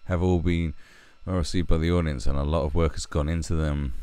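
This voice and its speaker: A man's voice: extremely low pitch, fairly even intonation, fairly quick, mellow, clean tone. A British man giving casual, blunt and crude commentary from home, mocking voices as he goes. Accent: British English. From Britain. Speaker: commentary video host.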